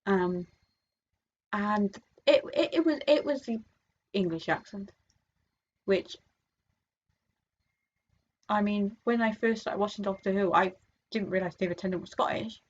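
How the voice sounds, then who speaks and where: A woman vlogs in a casual chatty way, wandering between thoughts with plenty of ums and false starts. Her voice sits at a middle pitch. The recording is a little dull and lo-fi, like a home camera mic. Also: unhurried, long pauses, husky. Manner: rambling, full of fillers and restarts. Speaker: fan vlogger. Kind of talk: casual chat.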